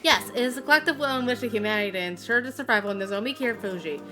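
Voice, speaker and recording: A woman's voice: fairly high pitch, expressive, racing, lightly acted. A woman reading the lines of a small, gleeful, scheming male alien mascot aloud from a game. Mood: cheery. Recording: music playing behind.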